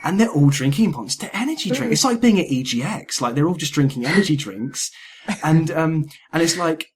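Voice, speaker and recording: Husky man chatting about games. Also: on the high side, brisk. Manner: animated, acts out quoted lines. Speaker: podcast host. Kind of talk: casual gaming chat.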